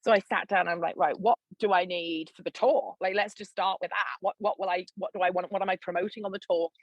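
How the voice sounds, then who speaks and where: A woman in middle age, a podcast guest, telling her story in animated, candid chat with frequent laughter and swearing. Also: lowish voice, fast, dry recording, dull audio. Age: 40s. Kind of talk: casual interview chat.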